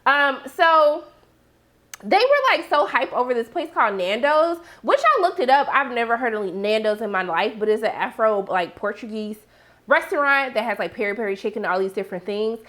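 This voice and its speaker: A young woman, giving a sassy, animated recap of a TV episode and acting out her reactions. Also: on the high side, normal speed. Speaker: TV recap host. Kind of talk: casual recap commentary.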